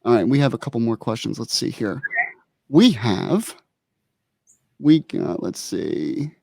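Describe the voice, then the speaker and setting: A man's voice: mid-range voice, big pitch swings, measured pace, creaky, warm tone, no room sound, clean studio sound. A man hosting a podcast, reading out viewer comments in a laid-back, slangy way. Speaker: podcast host.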